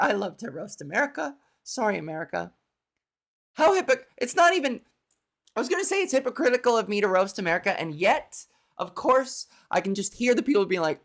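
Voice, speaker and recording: A Canadian woman tells a comic story on her own podcast, rambling and self-deprecating as she acts out the other people. Her mid-pitched voice has a gravelly edge. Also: sing-song, fairly quick. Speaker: comedian podcast host. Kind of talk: comedic storytelling monologue.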